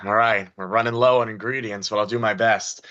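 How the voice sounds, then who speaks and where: A man's voice: lowish voice, steady tone, brisk, bright, forceful tone, dull audio. A man voicing a laid-back, friendly middle-aged island bar cook in a tabletop game. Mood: soothing. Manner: friendly, easygoing hospitality.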